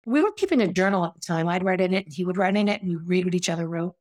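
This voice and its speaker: A woman's voice: on the low side, lively intonation, racing, a little mellow. A woman telling her own story in a candid, conversational way, reflective and confessional, often restarting her sentences. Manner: conversational, with frequent restarts and asides.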